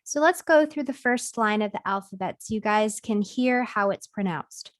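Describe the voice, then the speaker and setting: A woman teacher giving a recorded reading lesson, sounding out letters one by one in a clear, deliberate way. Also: mid-range voice, dry recording, clean studio sound.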